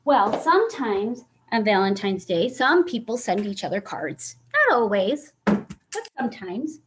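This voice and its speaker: In an unhurried, slightly high voice, a woman reads a picture book to children over a video call against a noisy background. She stays animated and asks the kids questions throughout.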